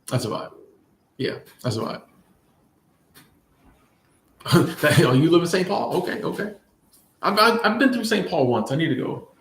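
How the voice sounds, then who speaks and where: A man's voice: on the high side, moderate pace, pauses often. Playful man chatting in an echoey room. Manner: relaxed, playful, repeats phrases, laughs often. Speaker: livestream host answering chat. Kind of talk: casual live chat.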